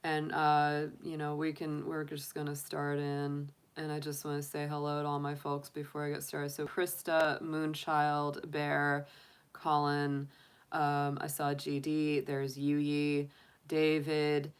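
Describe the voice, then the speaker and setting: A woman's voice: deep voice, completely flat delivery, slow, clear, resonant tone. A woman tarot reader chatting casually and giggling with her livestream viewers. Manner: giggly, chatty, laughs often. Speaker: tarot reader, channel host.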